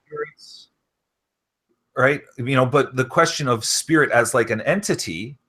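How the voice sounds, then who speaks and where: A man's voice: mid-range voice, unhurried, bright, forceful tone. A man talking in a rambling casual conversation, full of fillers like "you know" and "okay".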